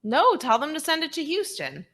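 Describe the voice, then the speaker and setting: A woman's voice: high voice, wildly swooping pitch, normal speed, a bit bright. A woman co-hosting a comedy podcast, chatting casually and firing off teasing questions. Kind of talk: casual chat.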